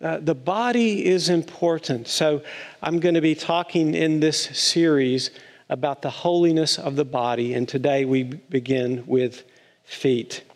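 Playful pastor with a raised voice in a church hall. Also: male voice, a little high, a little slow. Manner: chatty, playful storyteller with a congregation. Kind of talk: sermon. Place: church sanctuary.

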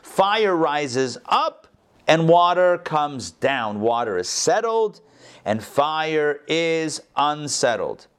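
Animated man teaching, higher-pitched voice. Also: extremely slow, smooth. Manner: animated, repeats phrases, asks and answers own questions; coughs, gets excited. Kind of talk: informal Torah class.

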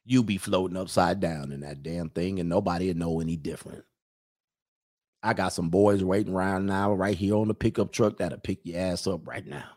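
A man voicing a menacing older male sheriff with a slow, low Mississippi drawl. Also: a little mellow. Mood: threatening.

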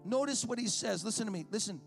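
Male pastor, very high voice, fervent repetitive preaching, soft music underneath. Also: animated, quick pace, creaky. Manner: impassioned preaching, repeating phrases. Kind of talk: sermon.

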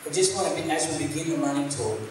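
A man's voice: on the high side, lively intonation, fast. A man preaching a sermon as a pastor, talking in a loose, conversational way with lots of fillers and restarts. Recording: echoey room, mic at a distance, faint hiss.

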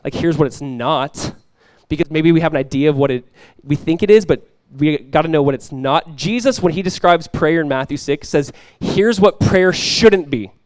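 A man's voice: on the high side, normal speed, hardly any pauses, clear, resonant tone, no echo. A young adult male pastor giving a conversational sermon, joking and acting out little quotes.

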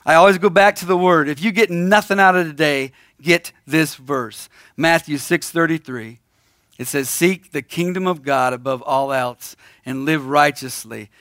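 A man's voice: fairly high pitch, no echo, clean studio sound. Impassioned man preaching to men. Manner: impassioned, preachy, swings between loud challenges and hushed pauses. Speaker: guest speaker at a men's gathering. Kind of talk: sermon.

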